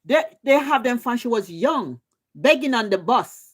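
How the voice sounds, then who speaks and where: A woman's voice: fairly high pitch, expressive, measured pace. A Jamaican woman hosting a livestream, ranting heatedly and swearing in repetitive bursts. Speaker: livestream host. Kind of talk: ranting live commentary.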